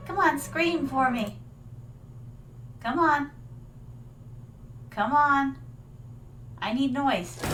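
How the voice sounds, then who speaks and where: A woman's voice: on the high side, noisy background. A woman streamer reacting live in a theatrical, regal manner, calling her viewers "my darlings" and dropping Japanese fillers. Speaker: vtuber streamer.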